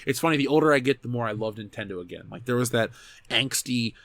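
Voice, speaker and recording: A man in his thirties hosting a loose, unscripted talk show and answering his viewers' comments. His delivery is animated and peppered with swearing, with frequent restarts as he corrects himself. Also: medium pitch, fast talker, no room sound. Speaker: show host reading live chat. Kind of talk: casual chat.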